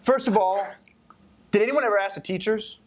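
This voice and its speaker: A man's voice: sits high, a little fast. A man talking casually on a podcast, rambling with many restarts and fillers. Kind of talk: casual chat.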